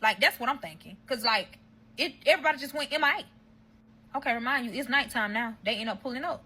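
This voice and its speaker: A woman's voice: on the high side, fast talker, pushed and bright, slightly rough. A woman telling a casual story-time tale to her viewers, heated and swearing freely. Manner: heated, profane, addresses viewers.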